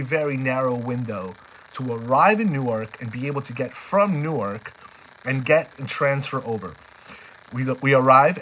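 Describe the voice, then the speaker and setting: A man's voice: medium pitch, fairly bright tone, slight background noise, poor audio. Earnest man telling a personal story. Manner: earnest, repeats words and phrases when stirred. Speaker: storyteller sharing a personal journey.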